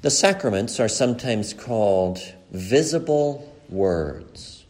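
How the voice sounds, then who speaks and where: A male pastor preaching a sermon earnestly, climbing to emphatic peaks and dropping low and slow for key points. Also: animated, darkish tone.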